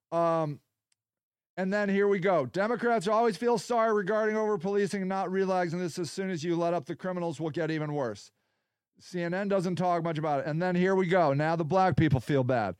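A man hosts a casual solo podcast, reading viewer comments aloud and answering them in a rambling, sarcastic way. His voice sits high and sounds smooth and clear. The mic is close and dry, with no room sound. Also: dry recording. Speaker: podcast host.

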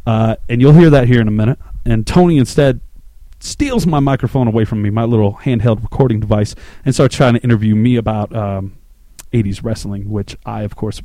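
A man in his thirties from Louisiana, telling a story on his podcast in a rambling, excitable, profane way. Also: medium pitch, no echo. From Shreveport, Louisiana, US. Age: 30s. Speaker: podcast host. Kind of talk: casual storytelling monologue.

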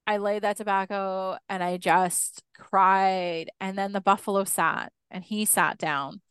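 A young adult woman telling a personal story in a podcast interview, animated and acting out the dialogue she quotes. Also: medium pitch, measured pace, smooth, dry recording. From Canada, Six Nations Mohawk community. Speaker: guest, Indigenous educator.

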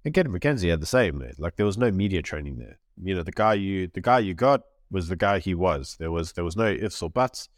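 A man co-hosting a podcast, his voice sitting a little low. He talks in an opinionated, casual way, sometimes slipping into other people's voices to make a point. The sound is dry and close, with no room around it. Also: lively intonation, fairly quick, hardly any pauses, no echo. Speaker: podcast co-host.

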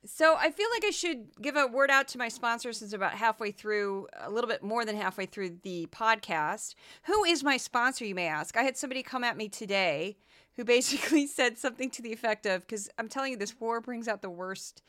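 A bright, crisp-voiced woman hosting a commentary podcast. She talks animatedly, now and then slipping into goofy put-on voices. The sound is dry and close. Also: fairly high pitch, expressive, brisk, no room sound. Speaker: podcast host.

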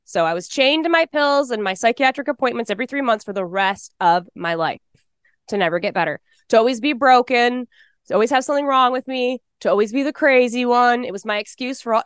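A woman in her forties from Texas, telling her personal testimony in an interview, emotional and fast-talking. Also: on the high side, a bit bright, clear, resonant tone, dry recording, studio quality.

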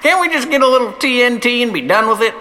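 A man's voice: very high-pitched, animated, quick pace, in a large hall. A man playing a brash, impatient, profane young adventurer in a comedic audio drama.

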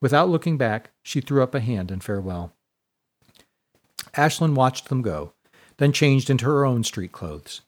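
Man narrating a storybook, measured and even. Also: medium pitch.

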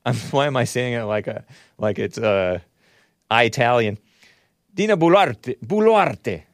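A man's voice: on the low side, steady tone, measured pace, dry recording, clean studio sound. A man hosting a talk show, delivering a sarcastic, rambling monologue full of mocking asides, spelling out names and stumbling over pronunciations. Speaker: host.

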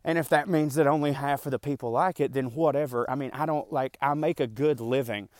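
Male podcast host, mid-jog and a bit winded, rambling rant, mid-pitched voice, dry close sound. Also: brisk, darkish tone, no room sound. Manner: rambling, conversational, frequent fillers and asides. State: slightly out of breath from running. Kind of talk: casual ranting monologue. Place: outdoors in a park, jogging.

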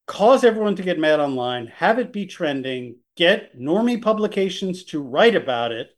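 A man co-hosting a political podcast, talking in a sarcastic, animated way with jokey asides. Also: on the high side, unhurried. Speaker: podcast co-host. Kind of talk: casual political podcast chat.

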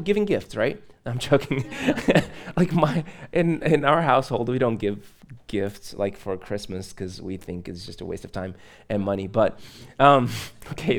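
A man's voice: mid-range voice, gravelly. A man preaching a live sermon in church, from Moldova, chatty and conversational, laughing and adding asides. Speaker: pastor.

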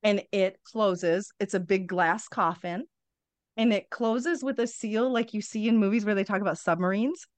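A middle-aged woman talks as a podcast guest, telling her own story bluntly and with plenty of energy. She swears without a second thought and laughs through the grim parts. Her voice sits at an ordinary pitch for a woman and sounds close and dry, with no room around it. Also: moderate pace, dry recording. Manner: blunt, animated, swears freely, laughs through hard memories. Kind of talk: candid conversational storytelling.

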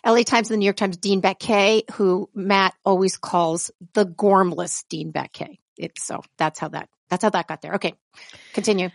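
A woman's voice: medium pitch, steady tone, normal speed, creaky, no room sound, studio quality. A woman co-hosting a podcast, chatting casually, rambling, trailing off mid-thought and laughing often. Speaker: podcast co-host. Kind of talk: casual chat.

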